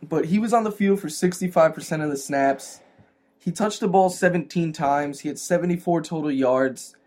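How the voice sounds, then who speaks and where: A man's voice: fairly high pitch, moderate pace, a little mellow. A man co-hosting a fantasy football podcast, casually making his case with stats. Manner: earnest, stat-citing, argumentative. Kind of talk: casual sports chat.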